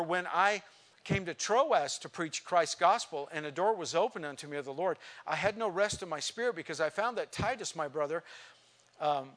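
A man's voice: a little high, a bit bright. A male pastor preaching a sermon, telling a personal story with emotion and building to emphatic exhortation. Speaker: visiting pastor.

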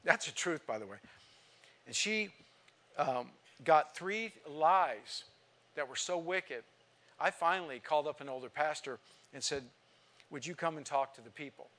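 Man preaching, bit high voice, tells his story then gets loud and pushy about it. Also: expressive, a little slow, long pauses. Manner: storytelling, emotional, rising to emphatic exhortation. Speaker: visiting pastor. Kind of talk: sermon.

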